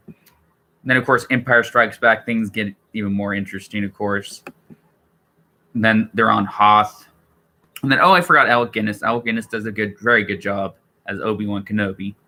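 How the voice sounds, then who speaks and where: A man's voice: on the low side, bright, forceful tone. A man talking casually on a live stream, rambling with many fillers and restarts.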